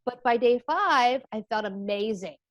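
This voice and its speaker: Animated woman telling her story, dry sound. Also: a little high, unhurried, dry recording, dull audio. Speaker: interview guest, addiction coach. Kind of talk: storytelling in an interview.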